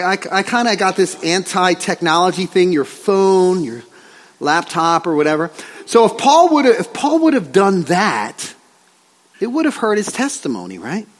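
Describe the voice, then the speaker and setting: A middle-aged man preaches with animated, joking storytelling, checking in with "right?" along the way. His voice sits high and swings widely in pitch. A long reverb hangs in the church sanctuary. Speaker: pastor. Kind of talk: sermon.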